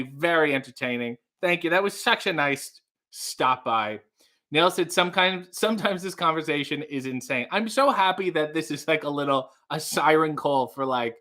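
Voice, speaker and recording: A man's voice: a little high, fairly bright tone. A man hosting a casual livestream, reading viewer comments aloud with playful, wordy asides. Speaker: livestream host.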